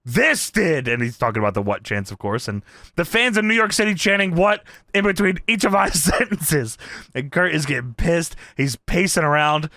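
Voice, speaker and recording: A man's voice: a little high, sing-song, moderate pace, pushed and bright, no echo, studio quality. A man co-hosting a podcast in casual chat, acting out quotes and laughing a lot. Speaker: podcast co-host. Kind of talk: casual retro wrestling review chat.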